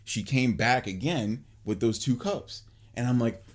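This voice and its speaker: A man in his late twenties hosting a podcast, telling a long story in a casual, animated way, full of swearing and "like". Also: medium pitch, unhurried. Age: late 20s. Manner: animated and profane, filled with "like" and restarts. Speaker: podcast host.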